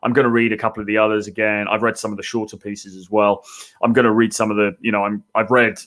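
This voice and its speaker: A man's voice: on the low side, flat delivery, fast, a bit bright. A British man hosting a live Q&A as a dating coach, reading out viewer comments and thinking aloud in a loose, chatty way. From Britain.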